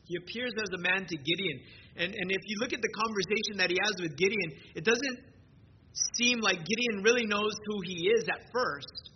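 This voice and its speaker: High-voiced male preacher, lo-fi. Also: normal speed. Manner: earnest, conversational preaching with frequent word repeats. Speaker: pastor. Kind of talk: sermon. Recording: dull lo-fi recording with steady background noise.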